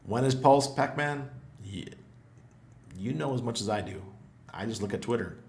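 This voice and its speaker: A middle-aged man with a hoarse voice, hosting a casual livestream, chatty and laughing often as he greets viewers. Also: mid-range voice, animated, moderate pace, a little hiss or hum. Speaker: livestream host.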